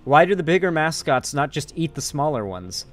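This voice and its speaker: A man streaming casually, joking and reading his chat aloud in an animated way. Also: on the high side, moderate pace, faint music behind. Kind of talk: casual live-stream commentary.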